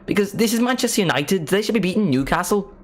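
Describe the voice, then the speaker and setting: A man's voice: animated, fast. A man putting on a Mancunian accent to mimic a football pundit, repeating himself in an exaggerated way. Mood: mock indignant. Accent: Mancunian impression. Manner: repetitive, exaggerated, high-pitched.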